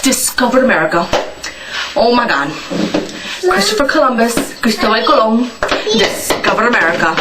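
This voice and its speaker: Animated woman ranting. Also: on the high side, moderate pace, pauses often. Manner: sarcastic, swearing, mocking. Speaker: vlogger. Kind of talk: ranting vlog. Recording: distant mic with background noise.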